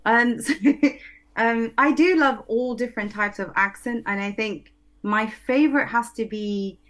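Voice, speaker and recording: Hesitant, soft-spoken woman guest. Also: on the high side, measured pace. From lives in London. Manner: hesitant, many ums and restarts, laughing softly. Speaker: guest, English teacher. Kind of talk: casual interview chat.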